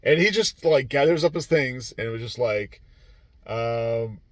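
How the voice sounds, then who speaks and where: Recapping a weekend of running tabletop games at a convention, this man rambles casually, restarts often, fills gaps with filler words, and laughs easily. He speaks unhurriedly in a mid-range voice with lively intonation, recorded dry.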